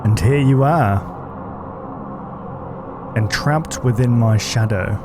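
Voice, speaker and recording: Man playing a vengeful drowned spirit, deep voice, slow solemn delivery, horror narration, eerie music behind. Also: lightly acted. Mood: grim solemn. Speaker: narrating entity in an analog horror video. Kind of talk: slow dramatic horror monologue.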